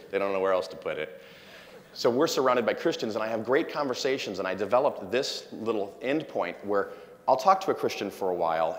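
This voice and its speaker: A man giving a humorous conference talk to a live audience, telling an animated story. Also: fairly low pitch. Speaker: conference speaker. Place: large conference hall. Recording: long hall reverb from a lecture hall.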